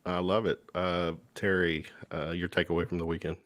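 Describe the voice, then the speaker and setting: A man's voice: deep voice, level tone, moderate pace, fairly bright tone, dry recording, studio quality. A man hosting a sports panel, briefly handing turns to guests. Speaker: host. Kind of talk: moderating sports chat.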